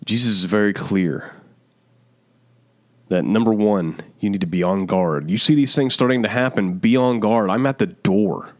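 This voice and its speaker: A man preaching with urgent, emphatic insistence, returning to his point again and again. His voice sits low. The sound is dry and close, with no room around it. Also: normal speed, no echo. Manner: urgent, emphatic, repetitive exhortation. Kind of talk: online sermon teaching.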